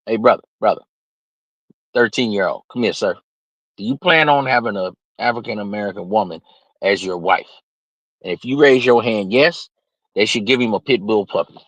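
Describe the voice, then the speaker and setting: A man's voice: on the low side, moderate pace, long pauses, no room sound, low-quality recording. Brash, slightly nasal man ranting. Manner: brash, preachy, swings from loud to muttered asides. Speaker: livestream host. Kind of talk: unscripted livestream rant.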